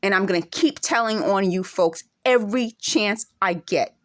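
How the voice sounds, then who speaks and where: Speaking at normal speed in a mid-range voice, an accented woman gives an indignant monologue for her vlog, firing emphatic rhetorical questions at the camera.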